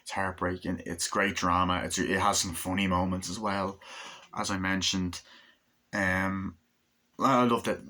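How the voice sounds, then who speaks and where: Bright-voiced young man rambling about films. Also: sits low, level tone, a little slow. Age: 20s. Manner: rambling, enthusiastic, swears freely, many fillers. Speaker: movie reviewer. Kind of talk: casual film review.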